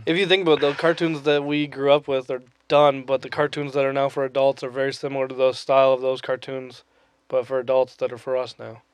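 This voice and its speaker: Fast-talking joking young man. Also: mid-range voice, little pitch movement, smooth. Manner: quick, joking, swears freely. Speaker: podcast co-host. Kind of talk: casual chat.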